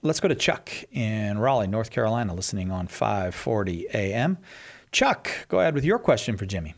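A man hosting a call-in radio show, thanking callers and passing the line in a friendly, brisk way. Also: on the low side, very animated, gravelly. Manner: friendly, brisk, a few fillers.

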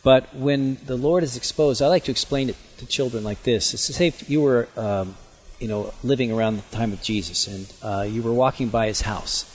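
A man serving as a bishop answers listeners gently and plainly, as a pastor would. His voice is a little husky, with a mid pitch. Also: moderate pace. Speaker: bishop guest. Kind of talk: answering questions on radio.

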